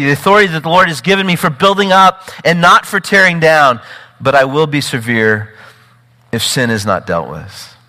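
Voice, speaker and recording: A man's voice: fairly high pitch, pushed and bright. Emphatic male preacher in a reverberant hall. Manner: emphatic, repeats words, rising to urgent peaks. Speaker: pastor. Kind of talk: sermon.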